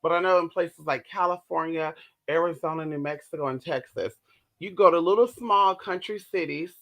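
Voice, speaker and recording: A woman in a casual haul vlog, chatty and profane, who keeps calling her viewers girl and y'all and squeals high when she shows off what she bought, talking from home. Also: bright, forceful tone, rough recording. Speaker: vlogger.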